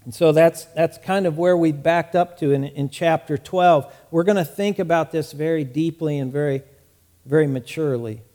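A man's voice: fairly high pitch, normal speed, mellow. Earnest male pastor preaching. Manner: earnest, repeats words as he preaches. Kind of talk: sermon. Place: small church.

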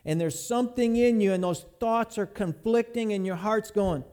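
A middle-aged man preaching a sermon, telling folksy stories and slowing down hard to stress his points. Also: high-pitched, darkish tone, clean tone. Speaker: pastor.

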